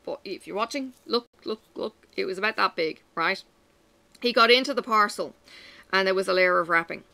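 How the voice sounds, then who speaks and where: A woman chatting casually to camera in a lively, self-mocking way. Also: medium pitch, normal speed, gravelly, no room sound. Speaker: vlogger.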